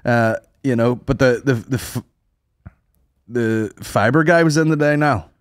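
A young man chats loosely on a podcast, swearing freely and laughing between thoughts. His voice sits at a middling pitch, and he rambles from one gripe to the next. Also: a little slow, clean tone, dry recording, clean studio sound. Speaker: podcast co-host. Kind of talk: casual chat.

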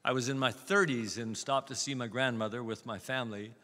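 A man's voice: mid-range voice, fairly even intonation, brisk, sharp tone, in a large hall, faint music behind. A man in his seventies, a guest preacher giving a chatty, folksy, anecdotal sermon in a church. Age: 70s. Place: church sanctuary.

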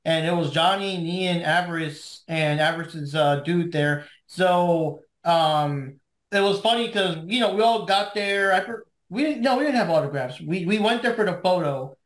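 A man's voice: high-pitched, normal speed. A man hosting a podcast, reviewing matches in casual, rambling chat and laughing often. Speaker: podcast host. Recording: roomy echo.

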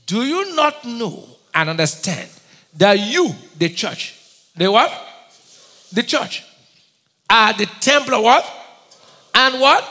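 A man with a Nigerian accent preaching a sermon, firing call-and-response questions at his congregation and breaking into sudden shouts. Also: sits high, in a large hall. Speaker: pastor.

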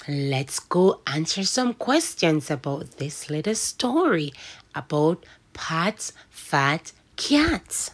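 A woman's voice: low voice, very animated, slow pace, breathy edge. A woman with a Jamaican accent teaching a children's phonics lesson, sounding out letters and words in a sing-song way.

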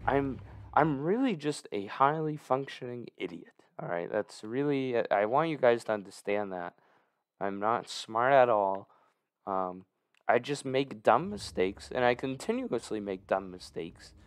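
A man's voice: medium pitch, lively intonation, measured pace, no room sound. A man giving gameplay commentary, muttering in frustration and mocking himself, sleepy. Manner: self-deprecating, frustrated muttering. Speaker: gamer.

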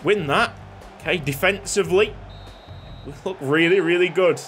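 A man giving excitable play-by-play commentary on his own football video game, shouting and laughing when goals go in. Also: sits high, moderate pace, soft background music. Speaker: gaming YouTuber.

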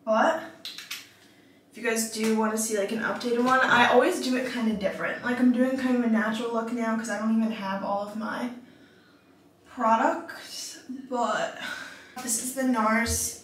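A young woman with a fairly high voice talks to her phone camera in a loose, rambling travel-vlog chat, dropping "like" and "um" and running a bit short of breath. The sound has a roomy echo and faint background hiss. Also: fairly even intonation, normal speed. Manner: chatty, filler-heavy, breathy at times. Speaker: travel vlogger. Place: hotel room and car.

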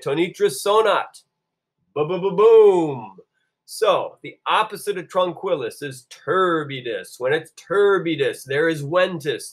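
A man teaching a lesson in a slightly raised voice, calling on the class to repeat after him. He draws each Latin phrase out slowly and plainly, then moves on briskly with his explanations. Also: a little high. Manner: call-and-response, drawing out Latin phrases slowly. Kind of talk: classroom-style video lesson.

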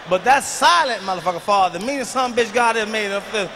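A man performing a stand-up comedy routine on a big stage, telling profane stories with a swagger, jumping between shouts and low asides. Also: lively intonation, fast, long reverb tail, slight background noise. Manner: loud, swaggering, profane storytelling with sudden shouts and drops to a murmur. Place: large live venue on stage.

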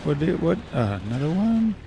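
A man's voice: on the high side, very animated, moderate pace, gravelly, background noise. A man with an Australian accent, mumbling and rambling through casual gameplay commentary. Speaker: let's play gamer.

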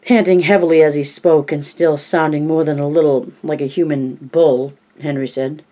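A man narrating a novel in an even, measured storytelling voice. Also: on the high side, rough recording. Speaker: audiobook narrator.

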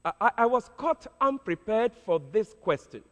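A man's voice: high-pitched, expressive, moderate pace. A man preaching as a pastor, telling a story earnestly and dramatically, with hesitant fillers. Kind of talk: storytelling sermon. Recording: long hall reverb.

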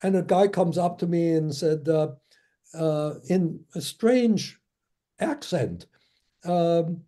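A man in his nineties from Germany, giving a lecture as a string of anecdotes, halting with many fillers and restarts and chuckling as he tells them. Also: a little high, dark tone. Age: 90s. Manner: chuckles while recounting stories.

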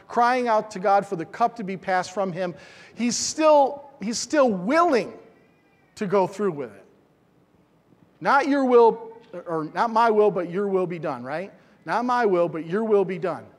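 A man's voice: sits high, in a large hall. A middle-aged man preaching a sermon in a church, earnest and emphatic, repeating phrases for stress. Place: church sanctuary.

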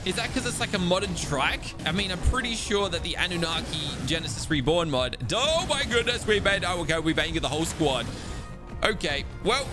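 A young man giving excitable let's-play commentary as he plays a survival game, chatting to his tamed creatures and breaking into exasperated outbursts. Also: high voice, normal speed. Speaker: gaming video host. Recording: game music playing behind.

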